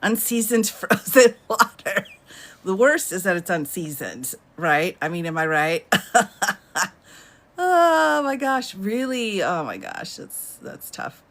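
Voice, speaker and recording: A woman's voice: on the low side, very animated, unhurried. A woman in her thirties hosting a casual live stream from home, chatting and laughing often as she answers viewer comments. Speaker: livestream host.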